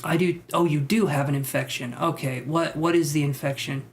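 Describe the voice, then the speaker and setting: A man giving psychic tarot readings on a live stream. He talks in a tentative, musing way, thinks out loud with many fillers, and reassures his viewers. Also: fairly high pitch, steady tone, moderate pace. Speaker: tarot reader.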